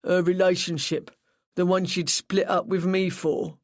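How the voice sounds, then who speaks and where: A narrator voicing Darren, a grieving, sullen young man who mumbles flat, curt replies in a dry recording. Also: sits high, a little slow, no echo.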